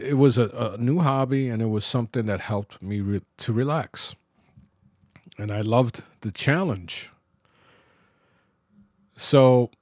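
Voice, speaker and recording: A middle-aged man from New York talking alone on his podcast, reflective and halting, pausing and restarting as he loses his thread. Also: lowish voice, darkish tone, dry recording, studio quality. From New York, Bronx. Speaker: podcast host. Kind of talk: personal podcast monologue.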